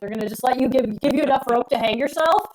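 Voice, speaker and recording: Middle-aged woman, astrologer co-host, rambly and emphatic, voice sits a bit high. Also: fast talker, rough recording. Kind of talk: casual live-stream chat.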